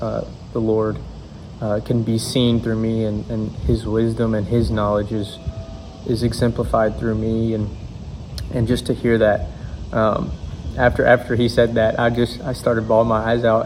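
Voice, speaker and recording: A young man giving a halting church testimony, full of fillers and restarts. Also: mid-range voice, darkish tone, slight background noise, rough recording. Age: young adult. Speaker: youth speaker.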